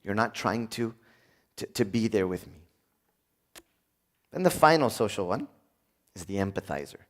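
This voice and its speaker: Animated man preaching with lively pitch. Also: moderate pace. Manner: animated, acts out dialogue, jokes with audience. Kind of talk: sermon.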